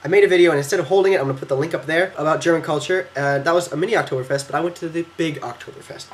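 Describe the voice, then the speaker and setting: A teenage boy telling a quick, excitable vlog story about a trip, slipping into silly voices when quoting people, recorded at his computer. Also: on the high side, heavy background noise. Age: teens. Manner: fast, excitable, acts out quotes in silly voices. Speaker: exchange student vlogger.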